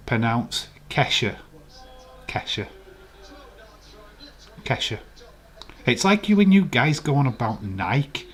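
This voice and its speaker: A man's voice: medium pitch, very animated, takes it slowly, pauses often, fairly bright tone. A man with a Yorkshire accent, hosting a live watch-along stream and chatting casually, teasing viewers in the chat. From England.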